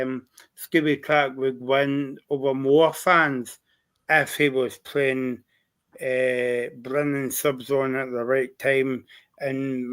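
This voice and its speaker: A man on a football podcast, speaking in a measured, earnest way. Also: mid-range voice, fairly bright tone, clear, resonant tone. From Scotland. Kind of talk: casual football chat.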